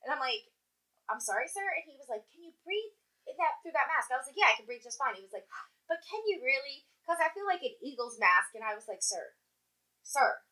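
Lively, bright-voiced woman telling a story. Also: high-pitched, fairly quick, poor audio. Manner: animated, profane, acts out quotes. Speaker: toll booth worker telling a story. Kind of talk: casual storytelling chat.

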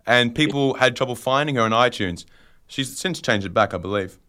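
Man, radio host, bright, smooth voice, deadpan, teasing. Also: mid-range voice, brisk. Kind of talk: joking radio interview.

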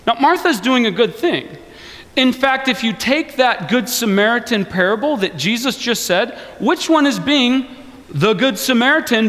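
A man with a high voice preaches a sermon in a big hall that rings with reverb. He talks loosely and with humor, like a chat with the congregation. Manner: conversational and joking, animated. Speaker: pastor. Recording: long reverb of a large hall.

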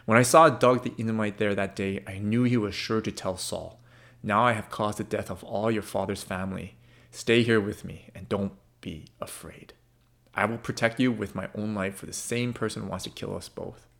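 A grieving young leader speaks low and hushed, sometimes dropping to a whisper, as a preacher reads him. The voice stays soft and quiet throughout. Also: male voice, steady tone, moderate pace, gravelly.

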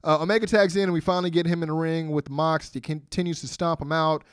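A man's voice: a little high, fairly even intonation, fast, clear, resonant tone, no room sound, studio quality. A man co-hosting a podcast, recapping a wrestling match move by move in a casual way with fillers. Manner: play-by-play recap with fillers and laughs. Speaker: podcast co-host.

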